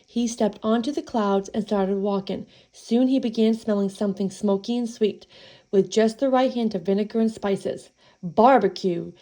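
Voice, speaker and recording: Woman storyteller, mellow tone, folksy playful read-aloud of a children's tale. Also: medium pitch.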